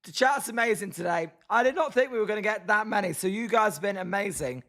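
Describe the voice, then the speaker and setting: A hoarse British man hosting a casual baseball watch-along stream, reading chat and grumbling about his team. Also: sits high, quick pace, fairly bright tone. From Britain. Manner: chatty, reads chat names, groans at the team. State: hoarse, voice tiring. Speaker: livestream host.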